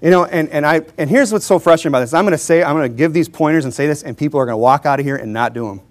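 Racing along in a fairly high voice, a Baptist preacher gives a loose, conversational sermon. Informal and joking, he chuckles frequently and hammers home his points with emphatic rhetorical questions to the congregation.

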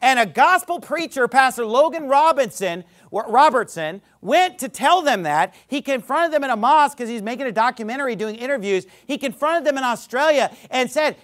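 A man delivers a heated sermon from the pulpit in a high voice. His pitch leaps and plunges as he drives his points home, and he often rises to a shout. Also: lively intonation, a little fast, few pauses. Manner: impassioned, rising to shouts; says he is worked up. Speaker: pastor. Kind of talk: fiery sermon.

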